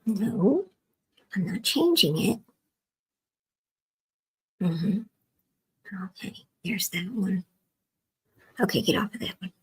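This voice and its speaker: A woman's voice: mid-range voice, sing-song, slow, long pauses, a little mellow, slightly rough, rough recording. A woman hosting a livestream in a casual chat, talking to herself while she works her screen, often dropping to a near whisper. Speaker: livestream host.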